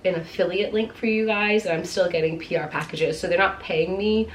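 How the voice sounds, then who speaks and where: A woman's voice: lowish voice, brisk, slight background noise, rough recording. A woman vlogger chatting casually to camera, upbeat and gushing, filling her talk with "like.". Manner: chatty, peppered with "like". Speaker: lifestyle vlogger.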